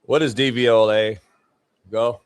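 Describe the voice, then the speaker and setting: A man hosting a sports talk show, ranting profanely and swinging from shouting to mock-calm muttering. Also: mid-range voice, a little slow, smooth. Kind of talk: heated sports talk rant.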